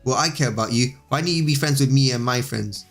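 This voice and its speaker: A man's voice: medium pitch, fast, soft background music, close to an everyday voice. A man reading a defiant boy hero. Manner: defiant and blunt. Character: bold, protective young boy hero.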